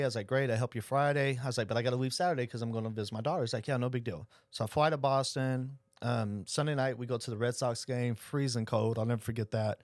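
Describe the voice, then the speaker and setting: A middle-aged man speaks as a podcast guest. He rattles through his stories at a brisk clip and acts out each quoted exchange. The sound is close and dry, with no room around it. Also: medium pitch, dry recording. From Oklahoma. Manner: animated storyteller acting out quoted dialogue. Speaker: insurance agency owner, guest. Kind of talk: casual storytelling interview.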